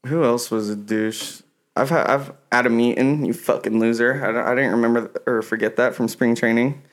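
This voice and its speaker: A man's voice: mid-range voice, fairly even intonation, fairly quick. A man casually telling profane baseball-fan stories among friends, acting out the people he quotes. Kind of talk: casual storytelling chat.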